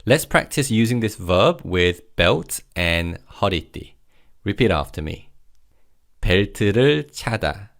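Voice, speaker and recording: Man, language teacher, low voice, animated intonation, encouraging, repeats words for practice. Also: normal speed, gravelly. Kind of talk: recorded language lesson.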